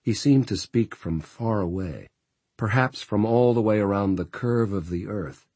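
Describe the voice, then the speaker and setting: Deep husky male audiobook narrator. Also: a little slow, a little mellow, no room sound. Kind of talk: scripted narration.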